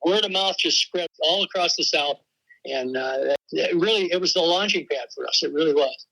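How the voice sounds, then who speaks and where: An older man, a veteran rock drummer, telling stories in a relaxed interview and laughing often. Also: on the high side, moderate pace, creaky, low-quality recording. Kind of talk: casual interview talk.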